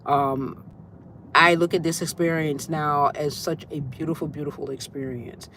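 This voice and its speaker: A woman's voice: sits low, fairly even intonation, normal speed, fairly bright tone, slight background noise. A woman hosting a casual spiritual livestream, talking loosely and greeting her viewers by name as she goes. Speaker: livestream host.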